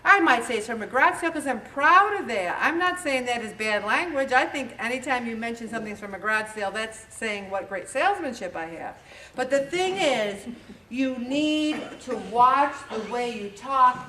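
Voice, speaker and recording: High, bright woman in an echoey room. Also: moderate pace. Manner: animated, acts out quotes with lively voices. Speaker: weight-loss group leader. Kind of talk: motivational talk to a group. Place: meeting room with an audience. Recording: echoey room recorded from a distance, faint hiss.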